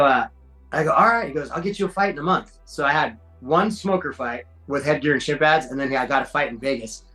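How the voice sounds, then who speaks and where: Middle-aged so-cal dude telling old fight stories, loose and slangy, jumps into voices, faint music under. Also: male voice, mid-range voice, low-quality recording. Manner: animated, acts out quoted voices, slangy. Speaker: podcast guest, former MMA fighter. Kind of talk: casual storytelling.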